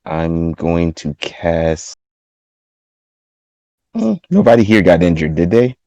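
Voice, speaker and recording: Deep-voiced man thinking aloud. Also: very animated, slow, warm tone, dry recording. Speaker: player. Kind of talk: casual tabletop game chat.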